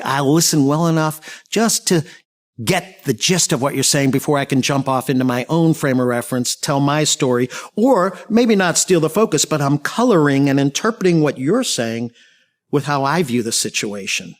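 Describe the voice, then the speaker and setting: A man with a slightly higher voice delivers a training talk on listening skills. He tells anecdotes with a humorous touch and keeps his asides lively. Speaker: communication trainer.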